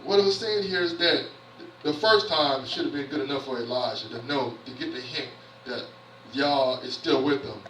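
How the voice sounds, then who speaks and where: A man's voice: mid-range voice, normal speed, fairly bright tone, recorded from a distance, a little hiss or hum. A man preaching a sermon in a church, reading scripture aloud and then explaining it in everyday, conversational words. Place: church sanctuary. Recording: roomy church audio picked up from afar.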